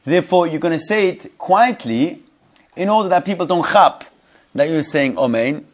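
Male rabbi, slightly higher voice, leading a text class: mumbled readings, slow halting explanations, questions to the room. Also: animated. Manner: reads Hebrew text in a quick mumble, then explains it slowly in English; restarts and repeats phrases, asks the class questions. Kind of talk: Torah study class, explaining a legal text.

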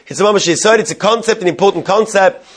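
Guy a high voice teaching halacha to a class, translating the hebrew as he goes, lots of questions to the room. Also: fast, husky. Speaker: Torah teacher. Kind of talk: Talmudic-style halacha class.

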